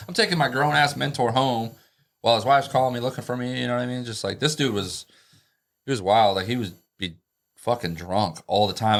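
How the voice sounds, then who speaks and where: A man's voice: lowish voice, fairly bright tone. A man who is a tattoo artist telling stories in a laid-back, profane way with lots of fillers. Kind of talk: casual storytelling.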